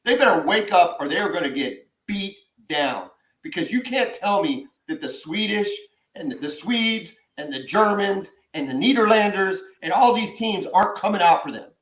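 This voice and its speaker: A man's voice: high-pitched, expressive, moderate pace, fairly bright tone. A man, co-hosting a sports podcast and ranting with strong opinions. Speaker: podcast co-host. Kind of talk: casual sports podcast chat. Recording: echoey room.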